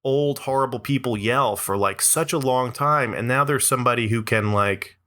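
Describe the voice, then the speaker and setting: Laughing between lines, a young podcast host works through a rambling, sarcastic comedic monologue on his show. His mid-range voice holds a moderate pace and a bright, forceful tone.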